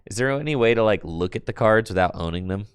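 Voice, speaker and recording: A man with a low, smooth voice that jumps all over as he gets excited, chatting with his stream viewers in slang. He laughs and riffs while playing, heard up close on a dry desk mic. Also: fast, no echo. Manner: excitable, slangy, talks to chat, bursts of laughter. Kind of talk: casual live-stream chat while playing a card game.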